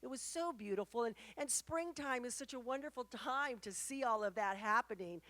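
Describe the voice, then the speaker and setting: A woman's voice: fairly high pitch, expressive, normal speed, dry recording. A woman minister giving an earnest, reflective sermon, telling stories and speaking directly to her congregation. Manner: warm, earnest, reflective preaching with storytelling. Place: church or spiritual center.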